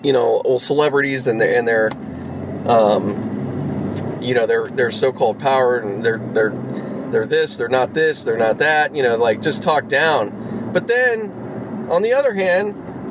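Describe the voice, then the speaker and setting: A man's voice: medium pitch, expressive, a little slow, noisy background. A man ranting casually, swearing often and rambling through half-finished thoughts. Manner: profane, rambling, exasperated. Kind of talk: casual rant.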